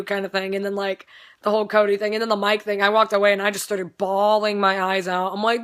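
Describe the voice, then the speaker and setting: A young woman vlogging in a casual, rambling, excitable way, swearing freely as she tells her story. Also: medium pitch, fast talker, clean tone. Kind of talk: casual chat.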